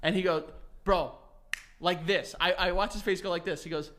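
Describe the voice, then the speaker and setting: A man's voice: high voice, moderate pace, noisy background. A young man hosting a casual podcast chat, telling stories with lots of laughter and acting out what people said. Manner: animated, laughs often, acts out quotes. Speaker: podcast host.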